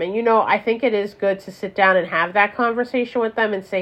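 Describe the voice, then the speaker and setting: A woman's voice: medium pitch, moderate pace, few pauses, fairly bright tone, muffled recording. A woman hosting a casual solo podcast, talking candidly and rambling with lots of "like" and "you know". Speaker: podcast host and parent.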